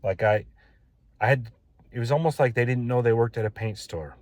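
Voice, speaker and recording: A man's voice: medium pitch, moderate pace, a little mellow, no room sound. A man building his own house, telling a casual, exasperated story in a vlog and repeating his gripes.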